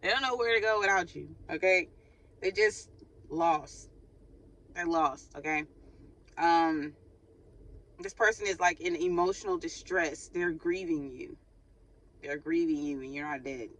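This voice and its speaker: Bright-voiced woman giving a casual reading. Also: lowish voice, unhurried, pauses often, low-quality recording. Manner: chatty, loose, informal slang. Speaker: spiritual channel host giving a reading. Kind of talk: casual spoken reading to viewers.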